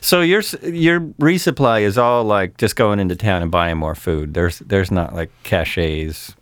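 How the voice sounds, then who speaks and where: A man's voice: fairly low pitch, unhurried, fairly bright tone, no room sound, studio quality. A man hosting a casual conversation, asking curious follow-up questions.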